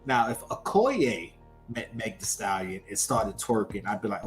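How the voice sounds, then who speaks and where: A man co-hosting a livestream, talking casually about pop culture in an animated, emphatic way full of rhetorical questions. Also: lowish voice, a little slow, soft background music. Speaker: livestream co-host.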